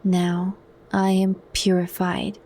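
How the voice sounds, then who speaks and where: A defiant young outsider, intense yet hushed, as a woman reads him. His lines come slow and mellow in a whispered role-play. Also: sits high, completely flat delivery, vocal fry, full character voice. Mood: grim.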